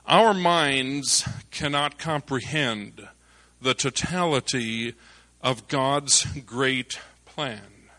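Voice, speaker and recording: A male preacher giving a sermon, telling a hunting story with lively bursts of excitement before turning back to scripture. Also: medium pitch, slow pace, no echo. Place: church service.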